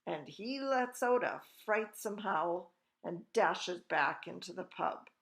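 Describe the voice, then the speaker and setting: A woman reading a children's book aloud, with slow, expressive storytelling. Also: on the low side, vocal fry. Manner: slow, expressive storytelling with lively quoted voices. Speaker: reader.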